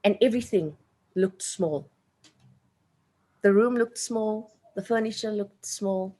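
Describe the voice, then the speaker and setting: Speaking slowly in a mellow, medium-pitched voice, a woman with a South African accent shares a personal story as an interview guest. She's late thirties or older, earnest and emotional, and repeats phrases to stress them. The audio quality is poor.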